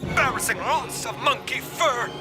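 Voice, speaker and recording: Hammy soap doctor in a cartoon, high voice, way too dramatic. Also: male voice, animated, moderate pace, loud music behind the voice. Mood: hammy grave. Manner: hammy melodramatic announcing. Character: pompous male cartoon TV doctor.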